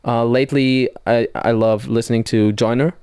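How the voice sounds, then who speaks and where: An easygoing young man co-hosts a podcast in casual chat. His voice is clear and smooth at a middle pitch, recorded close and dry. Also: fairly even intonation, normal speed, mellow, dry recording. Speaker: podcast co-host.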